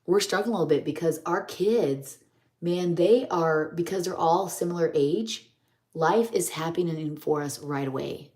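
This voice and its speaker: A woman's voice: lowish voice, measured pace, a little mellow. A middle-aged woman chats in a rambling, homey way while doing her makeup on a live stream. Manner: rambling, homey, chatty storytelling.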